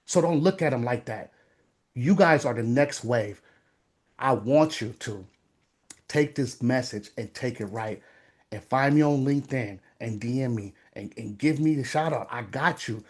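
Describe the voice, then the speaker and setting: A man gives a fervent motivational talk to veterans at a mid pitch. He is colloquial and urgent and hammers his points home through repetition. His voice keeps climbing to emphatic, preachy peaks. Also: unhurried, darkish tone. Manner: colloquial, repeats phrases for effect. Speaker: motivational speaker and veterans' life coach.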